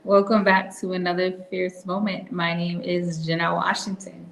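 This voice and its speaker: Soft-spoken woman doing a reflective devotional chat, lowish voice, echoey room. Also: little pitch movement, moderate pace, vocal fry, a little hiss or hum. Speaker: host. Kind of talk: casual devotional talk.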